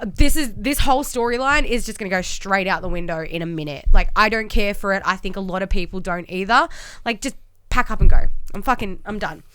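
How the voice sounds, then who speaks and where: A woman's voice: mid-range voice, brisk, a bit bright, clear, resonant tone, no room sound. Ranting sweary young woman. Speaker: podcast co-host. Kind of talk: casual podcast chat.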